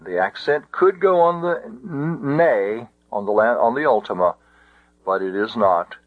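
A man teaching ancient Greek accents in a slow, methodical lecture, sounding out syllables one by one. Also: mid-range voice, lively intonation, no echo. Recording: dull dry lo-fi recording.

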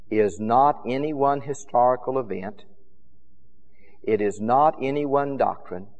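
A man preaching a sermon with emphatic, rhythmic repetition, his loudness rising and falling widely. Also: medium pitch, in a large hall.

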